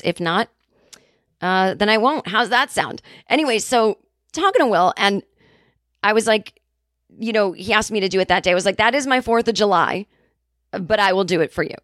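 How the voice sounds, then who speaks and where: A woman's voice: fairly low pitch, a bit bright, no echo. Rambling woman podcast host, dry mic. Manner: rambling, self-interrupting, sarcastic. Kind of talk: comedic solo monologue.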